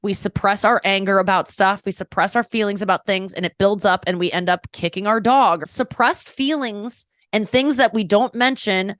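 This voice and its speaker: A woman with a mid-range, fairly bright voice is recorded cleanly in a studio with no echo. She's a stand-up comedian appearing as a podcast guest, speaking frankly, quickly, and emphatically in a candid interview. As she tells stories, she stops to correct herself and acts out quotes.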